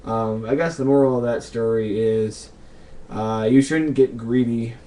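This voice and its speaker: Hesitant young man, mellow voice. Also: mid-range voice, fairly even intonation, measured pace. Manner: hesitant, thinking aloud with many ums. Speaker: video blogger answering viewer questions. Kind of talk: casual Q&A vlog.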